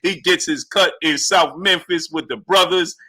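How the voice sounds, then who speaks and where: A man doing a slow, booming impression of a male boxing ring announcer, stretching every title out. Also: pushed and bright, husky. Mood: grandiose. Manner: drawn-out, stretching each title.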